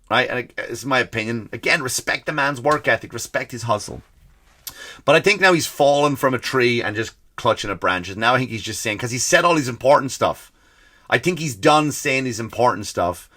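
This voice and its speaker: Comedy podcast host, Irish-American accent, bright forceful voice, profane and exasperated rant. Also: male voice, medium pitch. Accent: mixed Irish and American. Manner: profane, animated, exasperated ranting. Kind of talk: ranting comedy podcast monologue.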